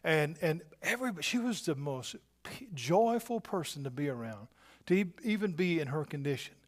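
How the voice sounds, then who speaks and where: A middle-aged male pastor delivering a sermon in a fairly high, lively voice that moves from soft, almost whispered lines to loud, fervent peaks. He keeps it conversational, checking in with the listeners by asking "right?" and "okay?" as he goes. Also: moderate pace. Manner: swings from hushed, near-whispered lines to loud, emphatic bursts.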